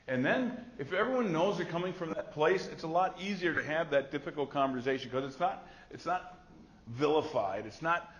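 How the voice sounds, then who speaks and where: A man's voice: fairly high pitch, a bit bright, muffled recording. Conversational man teaching a classroom lecture. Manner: conversational, storytelling with acted quotes. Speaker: nursing instructor.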